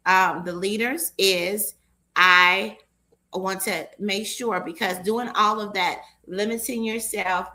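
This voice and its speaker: A woman coaching live, speaking in a slow, emphatic and encouraging way. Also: medium pitch, sharp tone.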